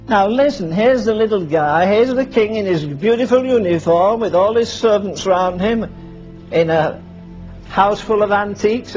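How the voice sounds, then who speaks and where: This preacher's voice is high-pitched with a darkish tone. Over faint music in a dull, lo-fi recording, he throws rhetorical questions at his congregation and performs Bible scenes through dialogue.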